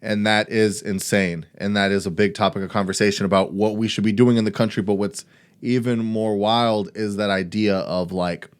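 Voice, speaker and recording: A man's voice: lowish voice, steady tone, moderate pace, clear, resonant tone. A man co-hosting a podcast, talking casually and building his points with rhetorical questions. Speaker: podcast co-host.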